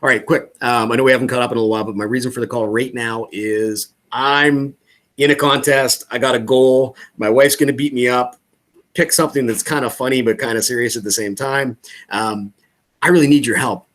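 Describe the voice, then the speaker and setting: A man's voice: mid-range voice, fairly quick. A man coaching real estate agents on a video call, casual and joking. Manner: casual, joking, animated when acting out calls.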